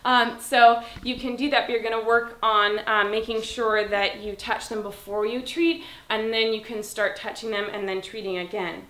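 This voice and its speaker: A woman dog trainer giving a calm, step-by-step demonstration and praising the dog. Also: on the high side, normal speed, hardly any pauses. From Southern California. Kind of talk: instructional demonstration. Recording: echoey room.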